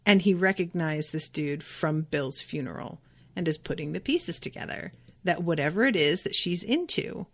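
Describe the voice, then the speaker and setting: A woman hosting a podcast, recapping a TV episode in a casual, emphatic way, with lots of fillers and the odd swear word. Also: fairly low pitch. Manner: chatty and emphatic, with frequent fillers and occasional swearing.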